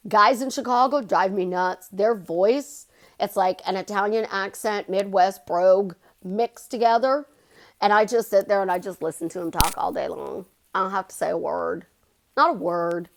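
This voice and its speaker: A woman life coach talking casually to her channel viewers, animated and chatty, leaping up in pitch for emphasis. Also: moderate pace, gravelly. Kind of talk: casual vlog monologue.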